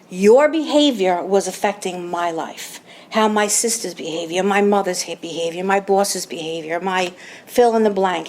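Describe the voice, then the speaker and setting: A woman's voice: mid-range voice, a little hiss or hum. A woman in her fifties or older from New York, giving a candid, self-mocking personal testimony as a recovery meeting speaker.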